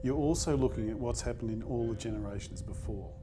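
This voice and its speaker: A man's voice: medium pitch, quick pace. A man from Australia, a former teacher, speaking reflectively in a documentary interview. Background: soft guitar music.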